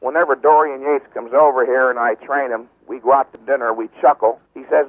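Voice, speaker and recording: A man's voice: mid-range voice, fairly even intonation, a little fast, few pauses. A man from the United States, a bodybuilding trainer and radio guest, explaining his ideas in an emphatic, lecturing way, repeating key words for stress, with blunt teasing. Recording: tinny, dry phone-line radio audio.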